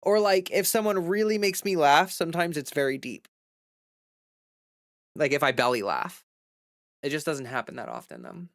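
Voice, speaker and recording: A woman's voice: low-pitched, lively intonation, moderate pace, pauses often, no room sound, clean studio sound. A woman livestreamer chatting candidly and giving advice in a casual way.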